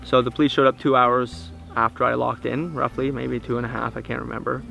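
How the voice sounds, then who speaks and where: A man, a protester, calmly telling in an interview what happened to him, in a plain storytelling manner. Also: medium pitch, brisk, creaky, faint music behind. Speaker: protester recounting events. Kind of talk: documentary interview recollection.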